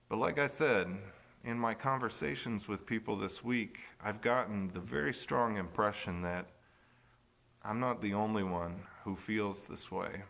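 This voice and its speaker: A man's voice: on the low side, fairly bright tone. A middle-aged male pastor preaching a sermon, telling a reflective personal story with self-deprecating humor.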